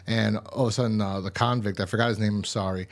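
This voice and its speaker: A man's voice: on the low side, steady tone, fast. A man casually recapping a TV episode in a rambling way, with many fillers and restarts. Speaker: TV episode reviewer.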